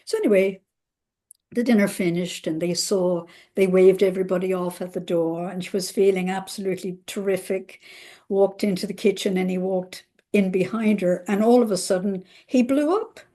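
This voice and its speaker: Speaking at normal speed in a medium pitch, this therapist tells a client's story conversationally, giving the quoted voices a lively, acted-out emphasis.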